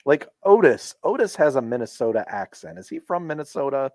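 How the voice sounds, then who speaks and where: A relaxed man trading wry comments on a wrestling podcast. His mid-range voice moves lively up and down. The recording is dry, with no room sound. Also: medium pitch, fairly quick, no room sound. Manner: relaxed, chatty, wry remarks. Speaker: podcast co-host. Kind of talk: casual wrestling commentary chat.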